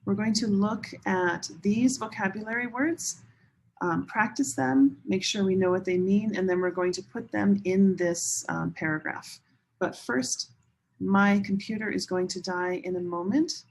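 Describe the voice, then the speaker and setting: Woman ESL teacher, unhurried delivery, husky tone, patient pronunciation drills. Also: mid-range voice, low-quality recording. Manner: slow, careful pronunciation modeling with repeated words. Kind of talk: recorded online lesson.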